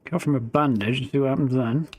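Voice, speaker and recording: A man's voice: medium pitch, rapid-fire, darkish tone, slightly rough. A man giving casual, rambling live gameplay commentary, thinking aloud. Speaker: streamer.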